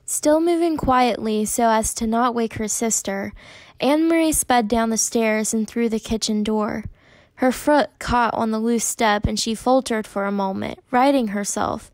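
A woman reading a children's novel aloud as narrator, in a measured, even storytelling manner. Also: fairly high pitch, no echo. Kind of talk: audiobook narration.

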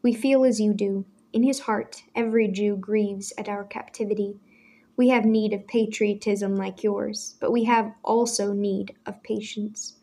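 A woman voicing a stern, authoritative older father who speaks in measured, grave tones. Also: medium pitch, steady tone, mellow.

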